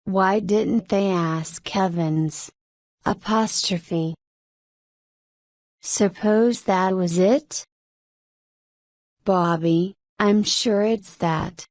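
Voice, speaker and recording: A woman reading a mystery story aloud in a measured way, voicing both narration and dialogue. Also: mid-range voice, warm tone, no echo, clean studio sound. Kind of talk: scripted story reading for English learners.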